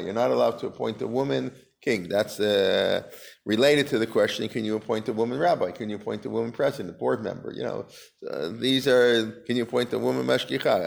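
Gravelly-voiced man teaching Talmud. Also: medium pitch. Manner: reads Aramaic aloud then explains in casual English. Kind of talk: lecture reading and explaining Talmud.

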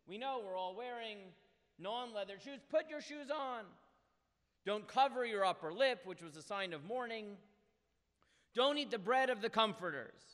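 A man's voice: high-pitched, expressive, moderate pace, a bit bright. Earnest lecturing man in a reverberant hall. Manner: reads Hebrew verses and translates them aloud; earnest, emphatic explanation. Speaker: Torah teacher. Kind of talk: text study lecture.

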